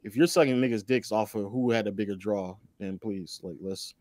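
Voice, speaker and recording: A man's voice: on the low side, normal speed, darkish tone, no room sound. Brash man talking smack, dry sound. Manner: brash, boastful, profane. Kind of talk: casual chat.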